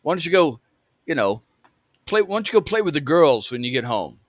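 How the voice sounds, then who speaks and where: A man's voice: on the high side, big pitch swings, a little fast, no room sound, lo-fi sound. A man doing his furious, scornful father. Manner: harsh, mocking, profane. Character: angry, scornful father, middle-aged man.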